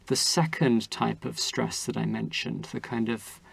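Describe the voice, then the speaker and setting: A man with a gravelly, husky voice, recorded close and dry. He speaks as an interview guest, laying out ideas in a patient, explanatory manner. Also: medium pitch, a little slow, no room sound. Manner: explanatory, steady and considered. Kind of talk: conversational interview.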